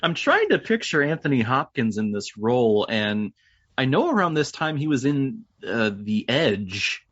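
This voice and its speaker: A man co-hosting a casual film podcast, talking in a lively way. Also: mid-range voice, unhurried, no room sound. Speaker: podcast co-host. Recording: dry, dull lo-fi audio.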